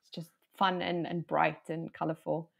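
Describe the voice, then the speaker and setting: A woman talks casually as a podcast guest. Her voice sits a little low and carries a steady gravelly fry. She chats loosely, full of likes, ums and restarts. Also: moderate pace. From Germany. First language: German. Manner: chatty, with many fillers and restarts. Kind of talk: casual conversation.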